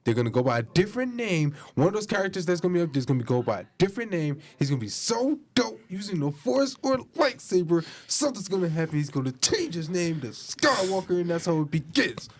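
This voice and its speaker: A man's voice: high-pitched, very animated, fast talker, few pauses. A man co-hosting a casual chat show, sarcastic and mocking as he keeps betting on his own point. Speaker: podcast co-host.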